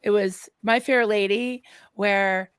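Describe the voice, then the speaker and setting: A woman's voice: mid-range voice, fairly even intonation, slow pace, clean tone, no echo. A woman co-hosting a casual live-stream chat, telling stories in a chatty way. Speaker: co-host.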